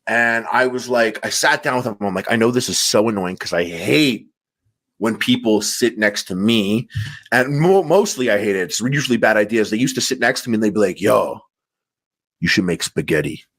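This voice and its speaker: A man's voice: lowish voice, brisk. A man in casual podcast chat, telling stories at length and acting out what people said. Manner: animated storyteller, acts out quotes. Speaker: podcast guest.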